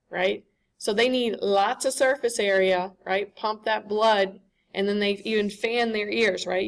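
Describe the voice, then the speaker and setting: A woman's voice: medium pitch, gravelly. A woman giving a classroom lecture, conversational and often checking in with the students.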